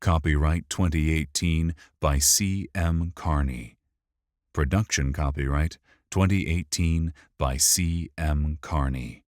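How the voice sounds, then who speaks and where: A male audiobook narrator with an extremely deep voice, reading at an unhurried, measured pace. His delivery is steady and controlled. The recording is dry and close, with no room sound. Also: dry recording. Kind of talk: scripted narration.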